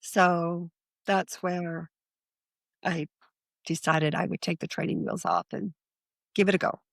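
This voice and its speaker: A woman, a psychic medium, chatting as an interview guest with a slightly gravelly voice, telling a long story. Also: lowish voice, little pitch movement, slow pace, no room sound. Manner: chatty, acts out other people's lines in quotes.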